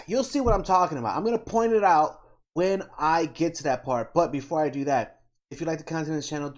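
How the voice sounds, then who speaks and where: A middle-aged man hosting his channel, giving candid, opinionated reaction commentary, swearing casually and pausing with fillers. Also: mid-range voice, darkish tone. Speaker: channel host reacting to a trailer.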